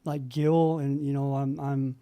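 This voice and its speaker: A man's voice: medium pitch, flat delivery, unhurried, mellow. A middle-aged man sharing his recovery story on a video call, earnest and rambling, with many fillers and restarts. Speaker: meeting participant sharing.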